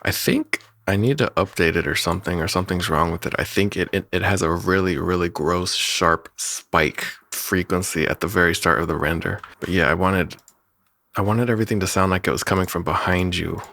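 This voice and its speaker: Here the man's low voice comes a little fast, with vocal fry and a bright, forceful edge, plus a faint hiss or hum. He's an animator-musician casually rambling about producing a cartoon's audio, laughing under his breath and interrupting himself mid-sentence.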